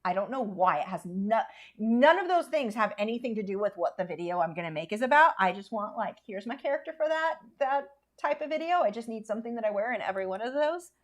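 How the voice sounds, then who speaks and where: A woman's voice: a little high, expressive, fast. A woman artist chatting casually and opinionatedly with viewers while she paints, laughing often. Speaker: artist streamer.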